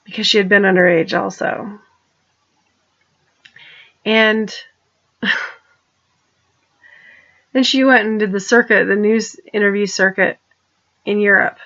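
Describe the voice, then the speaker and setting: A woman's voice: medium pitch, fairly even intonation, slow pace, long pauses, fairly bright tone, muffled recording. A woman talking in a rambling personal monologue, restarting her sentences and turning pointed and accusing. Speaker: vlogger.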